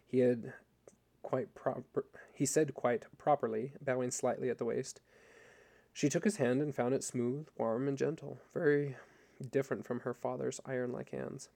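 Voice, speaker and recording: A man narrating a novel in a measured, even storytelling manner. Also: medium pitch, gravelly. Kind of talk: audiobook reading.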